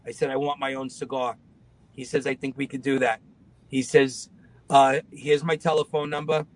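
A man's voice: mid-range voice, normal speed, dry recording, low-quality recording. A man, a guest telling a long story in a casual way and acting out the voices of the people in it. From Long Island, New York. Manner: animated, acts out other people's voices in his anecdotes.

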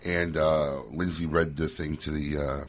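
A man hosting a casual radio talk show from a studio, telling stories in an animated, joking way. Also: a bass voice, a little slow. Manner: animated storyteller, loose and joking.

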